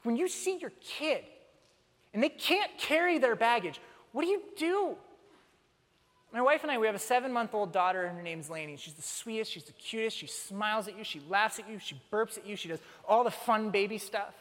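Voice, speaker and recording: A young man preaching a sermon as a pastor, telling stories with animated, self-mocking humor. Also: high voice, normal speed. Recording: long reverb of a large hall.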